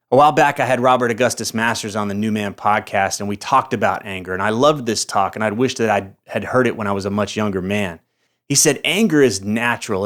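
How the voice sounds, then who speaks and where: A man's voice: on the low side, a bit bright. A middle-aged man, a podcast host and coach, giving a direct, emphatic motivational talk to camera with some mild swearing.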